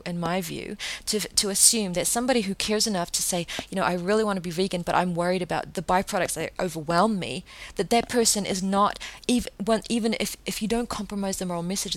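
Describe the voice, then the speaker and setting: A woman hosting her own podcast, ranting indignantly and firing off emphatic rhetorical questions. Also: medium pitch. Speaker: podcast host. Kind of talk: solo podcast rant.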